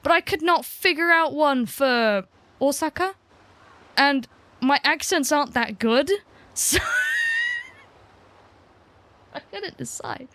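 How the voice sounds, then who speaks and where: A woman giving casual, chatty let's-play commentary, self-deprecating and quick to giggle. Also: high-pitched, sing-song, fairly bright tone. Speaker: gaming video creator.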